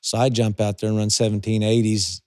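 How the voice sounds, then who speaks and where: In a casual interview, an older man from California who used to race cars tells long, meandering stories, restarting often. His voice sits on the low side, smooth and a little mellow, with little pitch movement and a fairly quick pace. The recording is studio quality with no echo.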